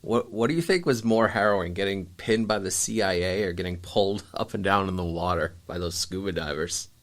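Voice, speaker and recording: Host: man, lowish pitch, quiet and brief, casual interviewer. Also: a little fast. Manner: quiet, brief backchannel replies. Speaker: podcast host.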